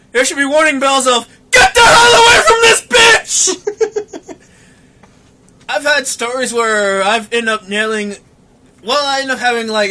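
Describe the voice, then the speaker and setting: High, bright-voiced young man chatting. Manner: laughs often and acts out quoted lines in loud voices. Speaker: podcast co-host. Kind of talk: casual podcast chat.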